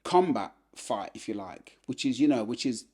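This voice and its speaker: A middle-aged man from England, a former boxer, telling animated anecdotes as a podcast guest, with frequent filler phrases. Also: medium pitch, normal speed, breathy edge. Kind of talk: casual storytelling interview.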